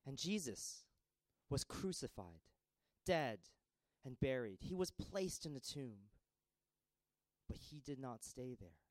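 A man preaching a sermon dramatically, with a repetitive cadence that swings between raised pleas and hushed lines. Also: mid-range voice, sing-song, slow pace, long pauses, dry recording, rough recording.

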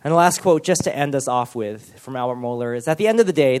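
A man's voice: medium pitch, expressive, fast talker, few pauses, a little mellow, clean tone. A man giving a sermon, speaking earnestly and with animation, often restarting his phrases. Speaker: preacher.

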